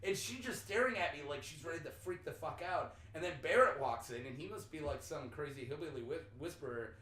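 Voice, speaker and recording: A young man from North Dakota hosting a podcast, telling animated stories in casual chat, swearing freely and acting out what people said. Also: fairly high pitch, brisk. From North Dakota, USA. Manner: animated storyteller, swears freely, acts out quotes. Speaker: podcast host. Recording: echoey room with faint ambience.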